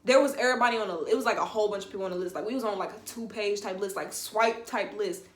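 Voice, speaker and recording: A young woman telling a story on her vlog in a slangy, animated, emphatic way. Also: mid-range voice, racing. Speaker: vlogger. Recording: roomy echo.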